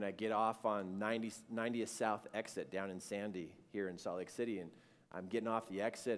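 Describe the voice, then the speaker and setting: Man, earnest dramatic storyteller, very animated intonation, long hall reverb. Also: medium pitch. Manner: earnest, dramatic, with quoted inner dialogue. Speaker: speaker sharing a personal story. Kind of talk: personal testimony storytelling.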